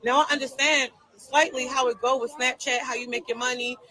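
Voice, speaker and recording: A woman's voice: sits high, level tone, brisk, bright, forceful tone, rough recording. A woman venting on a livestream, telling her side of a falling-out in an emphatic, repetitive and heated way.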